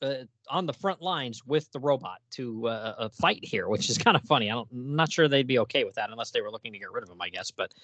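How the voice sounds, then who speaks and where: A man's voice: medium pitch, lively intonation, quick pace, hardly any pauses, fairly bright tone, no echo. A man hosting a podcast, chatting casually and with enthusiasm, laughing often and restarting his sentences. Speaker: podcast host. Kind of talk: casual chat.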